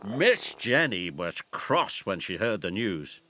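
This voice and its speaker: Slow lively male storyteller. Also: on the low side, very noisy. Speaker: narrator. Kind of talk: children's storybook narration. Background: background music.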